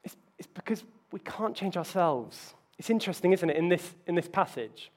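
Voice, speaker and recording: A man's voice: sits high, lively intonation, moderate pace. A man preaching a sermon, telling self-mocking stories with playful asides. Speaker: pastor.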